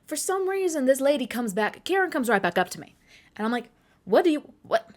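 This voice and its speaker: A woman's voice: sits high, sing-song, a little fast, darkish tone. A young woman in her twenties telling a personal story in a casual vlog, chatty and rambling, with asides and self-corrections. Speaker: vlogger.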